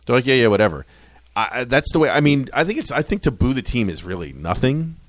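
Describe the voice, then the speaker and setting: A man from the United States co-hosting a casual sports podcast, talking in an animated way with frequent restarts and some swearing. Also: mid-range voice, fast talker, no echo. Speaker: podcast co-host.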